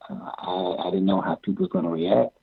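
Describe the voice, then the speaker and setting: Older man, gravelly and husky, tinny sound. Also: sits low. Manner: halting, repeats words, chuckles often. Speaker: amateur pro wrestler. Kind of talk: interview storytelling.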